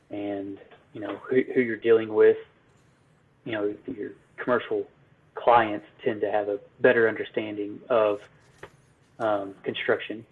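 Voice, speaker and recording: A husky man explains his trade in halting, casual answers, his voice low and flat. He restarts sentences often and fills gaps with ums. The sound is narrow and thin, like a phone line. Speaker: electrical business owner, guest.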